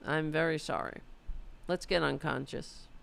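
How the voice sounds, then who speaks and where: A woman from the United States hosting a political livestream, chatting loosely and swearing, her voice going hoarse. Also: sits low, steady tone, a little slow. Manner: loose, profane, rambling. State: losing her voice. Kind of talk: casual livestream chat.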